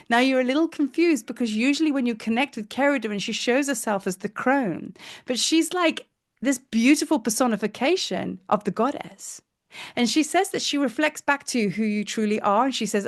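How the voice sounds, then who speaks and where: A woman's voice: fairly high pitch, moderate pace. A woman teacher narrating a guided meditation in a soothing, dreamy, lightly rambling way.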